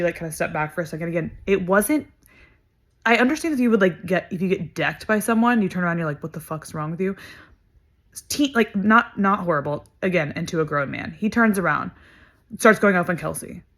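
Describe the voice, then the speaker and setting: A woman's voice: lowish voice, fairly bright tone. Young woman vlogger, blunt and emphatic. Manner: emphatic, swears freely, lots of fillers. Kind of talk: casual storytelling to camera.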